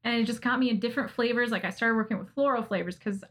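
Husky-voiced woman ranting with laughs. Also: fairly high pitch, very fast. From United States. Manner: animated, laughing, mock-ranting. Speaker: podcast co-host, interviewee. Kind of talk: casual chat.

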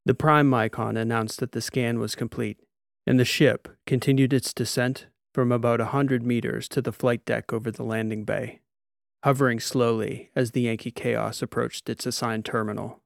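Gravelly male audiobook narrator. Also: mid-range voice, little pitch movement, normal speed, no room sound, clean studio sound.

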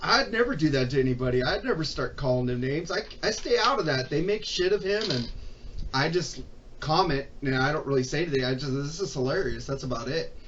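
Man, high voice, profane, heated, casual chat, off-mic, muffled line, faint hiss. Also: animated, fairly quick, fairly bright tone, far from the mic. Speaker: podcast guest.

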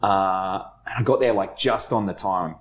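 Laid-back man, low voice. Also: moderate pace. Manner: laughing, self-deprecating, swears casually. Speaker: podcast co-host. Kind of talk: casual storytelling chat. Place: studio.

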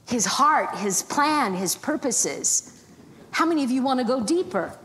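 A middle-aged woman preaching as a guest minister, telling stories lively and acting out her own thoughts. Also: fairly high pitch, unhurried. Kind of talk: storytelling sermon. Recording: long hall reverb, faint background noise.

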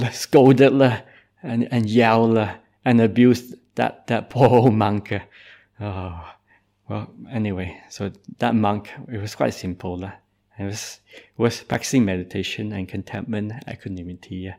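A Buddhist monk telling a story in a dharma talk, speaking hesitantly and tagging nearly every phrase with "eh". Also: male voice, lowish voice, fairly even intonation, measured pace, vocal fry, a little mellow.

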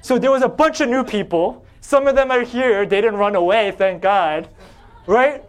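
Animated high-voiced male pastor. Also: normal speed. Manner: animated, self-deprecating, often rising in pitch and volume when retelling anger. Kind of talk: sermon with personal storytelling.

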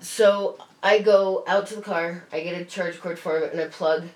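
A woman with a lowish, fairly even-toned voice speaks at normal speed, telling a story in casual chat. She's blunt, swears freely and leans heavily on "like." The room is echoey with faint ambience in the background.

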